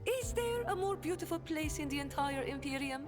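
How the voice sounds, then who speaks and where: A woman voicing a sly, worldly smuggler-trader who keeps up a refined front, in a theatrical video game delivery with hushed asides. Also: high voice, lively intonation, moderate pace. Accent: non-standard accent. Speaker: game companion character. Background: game music.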